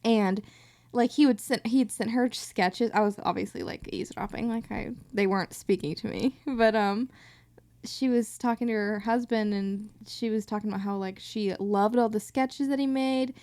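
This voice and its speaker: A woman's voice: medium pitch, moderate pace, darkish tone. Chatty young woman, laughing often. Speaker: podcast co-host. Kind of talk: casual chat.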